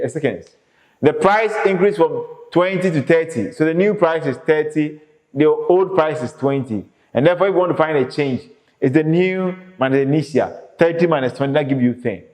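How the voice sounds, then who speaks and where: An economics lecturer with a fairly high, darkish voice speaks at normal speed, teaching emphatically. He asks the class questions and then answers them himself, in an echoey, reverberant room.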